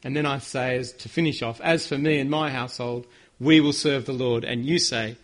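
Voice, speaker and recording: A man's voice: medium pitch, fairly even intonation, moderate pace. A man preaching a sermon, earnest and direct, leading his congregation in a call-and-response. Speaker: pastor.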